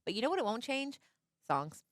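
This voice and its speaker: A woman's voice: a little high, sing-song, fairly quick, no echo, studio quality. A woman giving casual, chatty commentary on a card game match, often laughing and voicing what the players might be thinking.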